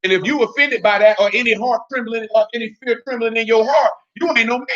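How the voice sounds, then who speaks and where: High bright-voiced man teaching scripture bluntly. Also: fast, muffled recording. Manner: blunt, emphatic, slangy, rises to shouting. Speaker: Bible teacher. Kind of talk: informal Bible teaching.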